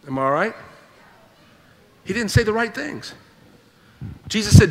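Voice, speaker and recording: A male pastor preaching a sermon, reading scripture and then acting out the people in it with lively, animated delivery. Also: high-pitched, moderate pace, vocal fry, long pauses, big-room sound. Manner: animated preaching, acts out quoted voices. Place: church sanctuary.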